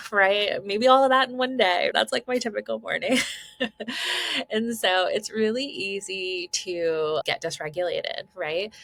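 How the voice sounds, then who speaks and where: A woman's voice: on the high side, fairly bright tone, no room sound. A woman parenting coach giving casual advice to camera, chatty and laughing often, checking in with listeners as she goes.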